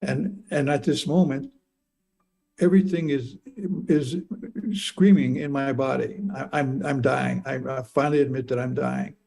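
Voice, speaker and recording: An older man telling a personal story in a halting way, often repeating and stammering over his words. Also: medium pitch, fairly even intonation, creaky, a little mellow. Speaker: speaker telling a near-death experience.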